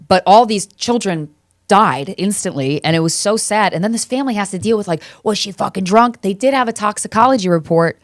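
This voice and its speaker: A woman's voice: medium pitch, no echo, clean studio sound. A woman in her thirties hosting a podcast, telling stories in a casual, chatty way, swearing freely and laughing often. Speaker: podcast host. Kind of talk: casual comedic monologue.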